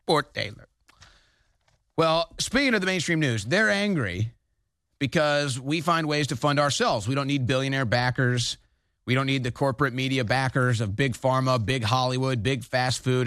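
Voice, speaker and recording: A man's voice: medium pitch, a bit bright, no room sound, clean studio sound. A man hosting a political talk show, delivering emphatic, combative commentary.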